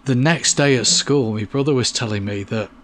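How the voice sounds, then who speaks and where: A man co-hosting a live stream, telling a story in a relaxed, unhurried way with dry asides. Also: medium pitch. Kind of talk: casual chat, telling anecdotes.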